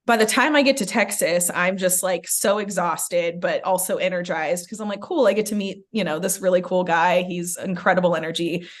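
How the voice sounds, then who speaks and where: A woman's voice: lowish voice, moderate pace, few pauses. A young adult woman, a podcast host, telling a personal story in casual chat, filling her talk with "like" and acting out what others said. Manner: animated, many "like" fillers, acts out quoted lines.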